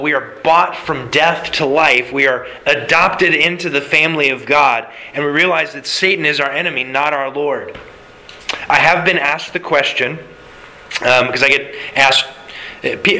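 Bright-voiced preacher, conversational. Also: male voice, medium pitch, rough recording. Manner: conversational preaching with fillers and asides. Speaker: pastor. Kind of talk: sermon.

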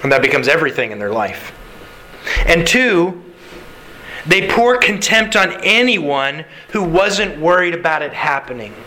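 A male pastor preaching a sermon in an animated, conversational way, full of rhetorical questions. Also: on the high side, measured pace, a little hiss or hum, poor audio.

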